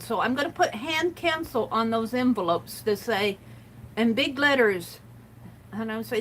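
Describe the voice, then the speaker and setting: Rambly crafting lady on a livestream, kinda high voice, middle-aged. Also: a bit bright, slight background noise, rough recording. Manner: rambling, chatty, reads viewer comments aloud. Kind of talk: casual chat while crafting.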